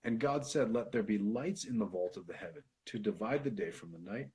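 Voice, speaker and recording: An American man leads a relaxed Bible study, reading verses and then musing on them as he goes, now and then swearing or laughing. His voice sits fairly low. A faint hiss runs under the recording. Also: fairly quick, rough recording. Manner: thinks aloud, swears, laughs, reads Hebrew then explains. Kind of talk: casual study session, reading scripture aloud.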